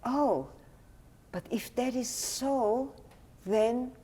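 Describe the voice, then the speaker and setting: A woman speaking the lines of a timid, uncertain praying man in a soft, wondering way. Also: on the high side, extremely slow, husky, pitched above the performer's own voice, full character voice.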